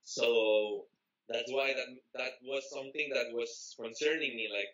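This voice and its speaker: Bright-voiced Spanish man, casual chat. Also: medium pitch, unhurried. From Spain. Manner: rambling, many fillers and restarts. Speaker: interview guest. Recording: dull lo-fi recording.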